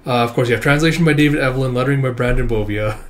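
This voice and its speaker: A man's voice: mid-range voice, very fast. Laid-back man with many fillers. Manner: relaxed, many "uh" fillers, chuckles often. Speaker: manga reaction channel host. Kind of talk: casual read-through commentary.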